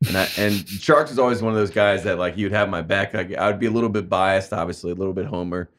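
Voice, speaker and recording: A sports radio co-host talks in a very low voice that is wearing thin, as he is losing it. He sounds easygoing and laughs easily. The mic is dry and close. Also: quick pace, no room sound. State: losing his voice. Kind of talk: casual sports talk.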